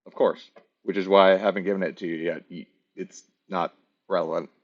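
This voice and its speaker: A man's voice: low voice, steady tone, a little fast. A man running a tabletop game as game master, talking casually with many fillers. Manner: hesitant, lots of fillers. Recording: lo-fi muffled mic.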